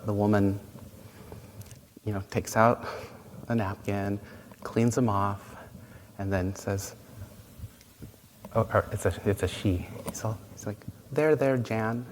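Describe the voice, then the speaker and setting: Slow, gentle male Buddhist teacher. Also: lowish voice, level tone. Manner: gentle, unhurried storytelling with pauses. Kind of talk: dharma talk. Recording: long reverb, faint noise.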